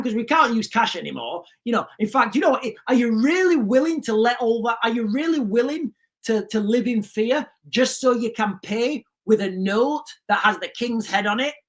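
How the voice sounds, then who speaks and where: A man's voice: very high-pitched, lively intonation, moderate pace. Man, livestream host, emphatic rant, repetitive, questioning the audience. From United Kingdom. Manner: emphatic, repeats himself, asks viewers questions. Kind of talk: ranting livestream commentary.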